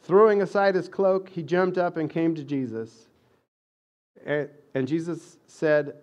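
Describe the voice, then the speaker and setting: Conversational male preacher, slightly high voice. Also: steady tone, measured pace, darkish tone, highs cut off. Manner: conversational preaching, rising to emphatic reading. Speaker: pastor. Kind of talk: sermon.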